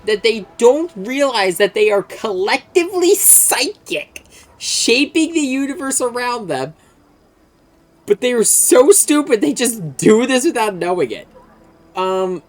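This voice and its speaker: A game streamer casually explaining game lore, enthusiastic and rambling, with lots of fillers and swearing. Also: mid-range voice.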